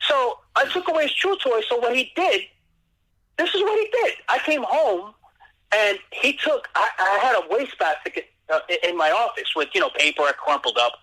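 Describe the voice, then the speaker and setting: Man guest by phone, animated storyteller, high lively voice, bright. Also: moderate pace, poor audio. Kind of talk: casual storytelling on a call. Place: outdoors on a porch.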